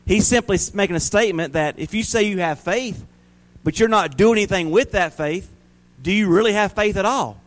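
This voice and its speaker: Man, pastor, sermon, high voice, folksy jokes, emphatic preaching. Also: brisk.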